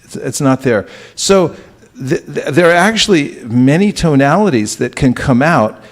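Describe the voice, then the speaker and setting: A man's voice: on the high side, animated, measured pace. Conversational male spiritual teacher. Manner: conversational, questions the audience often. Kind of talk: lecture to a live audience. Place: hall with a live audience.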